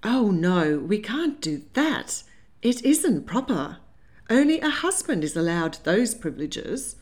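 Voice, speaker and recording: A woman's voice: mid-range voice, very animated, takes it slowly, darkish tone. A woman voicing a spirited, slightly tipsy young Regency lady who is easily flustered. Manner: flustered, indignant, a little giddy.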